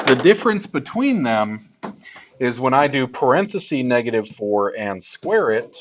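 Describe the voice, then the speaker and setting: A man's voice: medium pitch, very animated, unhurried, slight background noise. Casual male math teacher, chatty classroom lecture.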